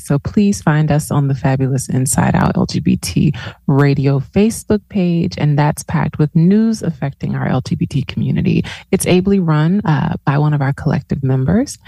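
A woman hosting a community radio show, chatting casually with jokey asides and slowing down to guide listeners through a calm moment. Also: sits low, vocal fry, breathy edge, dry recording.

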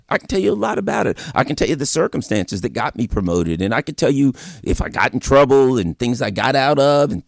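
A man hosting a political commentary show, delivering an animated opinion monologue full of repeated points and rhetorical questions. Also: medium pitch, gravelly, dry recording, studio quality.

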